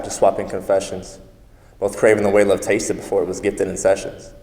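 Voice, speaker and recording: A young man with a very low voice recites spoken-word poetry in a steady, even cadence that hardly rises or falls. His measured, rhythmic reading rings out in an echoey room with a long reverb trailing each line. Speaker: student poet.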